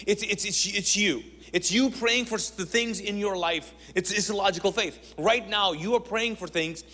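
A man preaching a sermon as pastor, telling a story with lively back-and-forth dialogue before turning to his message. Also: high voice, moderate pace. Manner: animated storytelling, acts out both sides of a conversation. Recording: long hall reverb.

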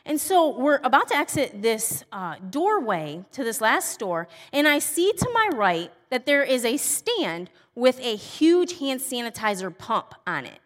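Animated woman telling a story with hall reverb. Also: on the high side, measured pace, few pauses. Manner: animated, exasperated comic storytelling. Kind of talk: casual personal anecdote.

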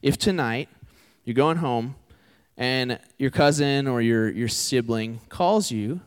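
A man's voice: mid-range voice, takes it slowly, clear, resonant tone. Young man preaching in a reverberant hall. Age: 20s. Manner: conversational, asks the audience questions. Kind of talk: sermon.

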